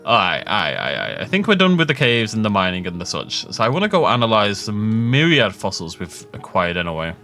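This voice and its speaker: A man's voice: on the low side, big pitch swings, brisk, hardly any pauses, sharp tone, soft background music. A man giving rambling, jokey commentary while he plays a game, often laughing at his own tangents. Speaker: gaming YouTuber. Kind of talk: casual let's-play commentary.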